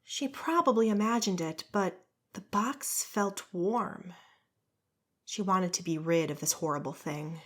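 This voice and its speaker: A woman with a lowish voice narrating a fantasy novel. Her delivery is steady and measured, and she reads it as a calm, even audiobook performance. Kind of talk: scripted narration.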